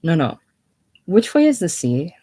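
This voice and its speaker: A reader voicing a very old, deaf man, a poet and showman, speaking in short, loud declarations. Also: medium pitch, sing-song, measured pace. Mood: proud.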